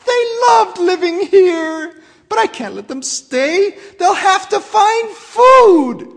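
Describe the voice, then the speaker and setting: A man voicing a short, old, mossy male forest creature who speaks in a sharp, bossy shout while reading a storybook aloud. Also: very high-pitched, huge pitch swings, extremely slow, long reverb tail, voice pushed up, heavily acted. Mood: scolding.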